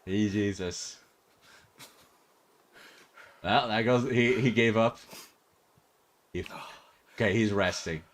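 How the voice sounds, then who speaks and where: A man's voice: on the low side, slow pace, long pauses. A male streamer chatting casually and reacting with frequent laughter while watching a video.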